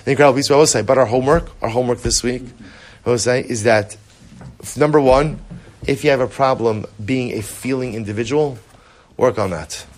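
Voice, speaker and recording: A middle-aged man teaching a Torah class to his study group, animated and repetitive, often acting out inner voices. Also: medium pitch, brisk. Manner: animated, repetitive, acts out inner voices, mixes Hebrew terms.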